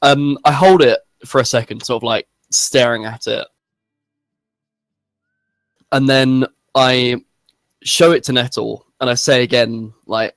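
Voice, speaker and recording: A man's voice: medium pitch, steady tone, a little slow, pauses often, no echo, soft background music. A man playing a tabletop role-playing game, describing his character and bargaining earnestly in his own voice. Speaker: player.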